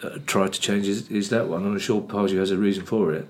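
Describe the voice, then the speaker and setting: A man's voice: on the low side, fairly even intonation, a little fast, slight background noise. A man co-hosting a football podcast, talking casually with opinionated, teasing remarks and frequent restarts. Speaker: podcast co-host.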